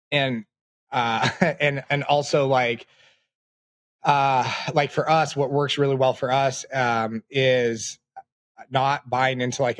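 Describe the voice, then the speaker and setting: A man in his late twenties, a podcast guest, talking in a reflective, halting way with many fillers. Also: mid-range voice, a bit bright, dry recording. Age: 20s. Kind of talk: casual interview talk.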